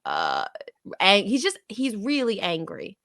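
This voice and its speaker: A woman co-hosting a podcast, chatting casually and acting out characters in quick voices. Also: medium pitch, wildly swooping pitch, fairly bright tone, no echo, studio quality. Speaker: podcast co-host. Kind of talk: casual chat.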